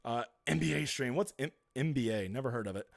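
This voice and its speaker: A man's voice: mid-range voice, lively intonation, quick pace, creaky, no room sound. Man, streamer, casual chat, reads and answers comments, blunt, dry close sound. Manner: chatty, reads viewer comments aloud and answers them; emphatic and blunt. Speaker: live stream host.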